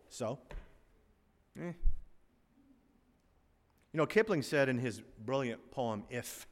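A man, an older pastor, preaching a sermon, animated, swinging between loud emphasis and quiet asides. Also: mid-range voice, very slow, pauses often. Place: church sanctuary. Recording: long reverb of a large hall.

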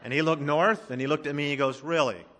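A middle-aged man preaching a sermon, swinging from emphatic rising questions to quiet, intimate storytelling. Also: on the high side, fairly even intonation, fast, a little hiss or hum. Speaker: pastor. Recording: long hall reverb.

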